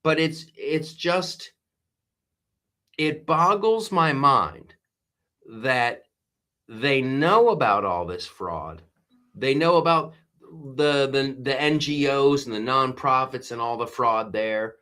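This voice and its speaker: A man's voice: mid-range voice, expressive, takes it slowly, sharp tone. A man hosting a live stream, rambling through commentary with frequent restarts and laughing at his own jokes. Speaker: host.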